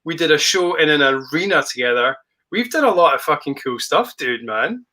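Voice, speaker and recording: A man co-hosting a podcast in easy, playful banter. His voice is strikingly bright and forceful, and sits a little high for a man. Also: lively intonation, normal speed. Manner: jokey, playful. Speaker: podcast co-host. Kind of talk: casual banter.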